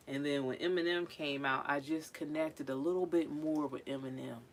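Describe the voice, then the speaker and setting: A low-pitched woman speaking at normal speed, with slight background noise, vlogs a casual chat. Originally from Philadelphia, she's chatty and animated, singing snippets as she digs through old things in her tiny house on wheels.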